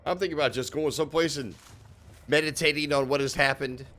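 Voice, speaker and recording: A man's voice: a little high, fairly even intonation, fairly quick, fairly bright tone. Male game streamer, casual and rambling, laughs a lot, mild swearing, close studio mic. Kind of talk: casual live-stream chat. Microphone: diaphragm studio microphone.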